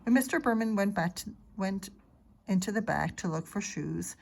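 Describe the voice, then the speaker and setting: A teacher reading a children's chapter book aloud, narrating in a steady, expressive way. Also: female voice, mid-range voice, moderate pace, creaky. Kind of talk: storybook read-aloud.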